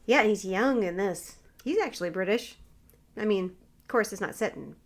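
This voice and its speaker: A woman co-hosting a podcast, chiming in on a movie recap with quick, jokey reactions in casual chat. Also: medium pitch, lively intonation. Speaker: podcast co-host.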